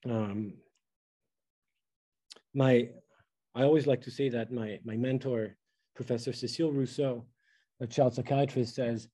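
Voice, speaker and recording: Mellow-voiced man giving a lecture. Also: mid-range voice, fairly even intonation, a little slow, long pauses, breathy edge, poor audio. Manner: thoughtful, many fillers and restarts. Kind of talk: academic lecture.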